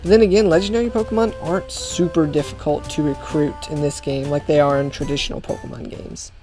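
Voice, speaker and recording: A man's voice: on the high side, fairly even intonation, a little fast, a little mellow. Male let's-player, casual and wry, faint game music underneath. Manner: sarcastic, joking asides. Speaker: let's play host. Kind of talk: casual game commentary, reading game text aloud.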